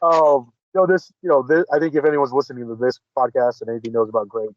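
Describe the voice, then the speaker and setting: A man chatting as a podcast guest, relaxed and talkative. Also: medium pitch, quick pace, dry recording. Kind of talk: casual chat. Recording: dull, lo-fi sound.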